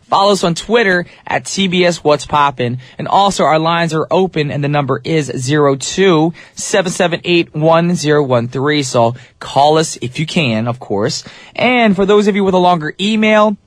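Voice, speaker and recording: Upbeat male radio DJ, slightly high voice. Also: normal speed, no room sound, clean studio sound. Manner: upbeat and chatty, with casual slang. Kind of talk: morning radio show hosting. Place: radio studio. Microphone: studio microphone.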